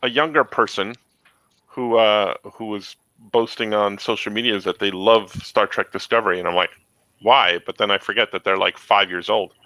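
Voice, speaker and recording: A man's voice: fairly low pitch, fairly even intonation, moderate pace, pushed and bright, dry recording, low-quality recording. A man co-hosting a casual podcast, talking in a dry, teasing way. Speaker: podcast co-host. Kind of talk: casual chat.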